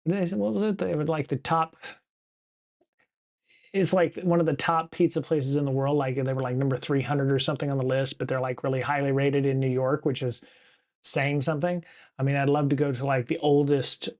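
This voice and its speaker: A man's voice: mid-range voice, flat delivery, moderate pace. A man hosting a casual livestream show, rambling with lots of fillers and restarts from a home studio. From United States. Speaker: podcast host.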